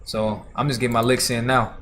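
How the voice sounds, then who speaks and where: A man's voice: mid-range voice, little pitch movement, a little fast, fairly bright tone, a little hiss or hum. A man hosting a music reaction livestream, chatting casually and reading viewer comments aloud in a laid-back, profane way.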